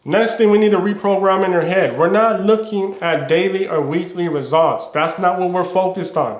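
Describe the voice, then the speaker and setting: A high-voiced man lectures traders in a blunt, insistent, preachy way. His coaching talk is slangy and direct. The room around him rings with a noticeable echo. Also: normal speed. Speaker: trading mentor. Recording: roomy echo.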